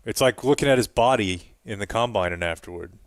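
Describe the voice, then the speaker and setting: A man co-hosting a podcast, chatting casually and jokingly about sports, quick to laugh. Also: fairly low pitch, no echo, clean studio sound. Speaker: podcast co-host. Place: live stream from a club.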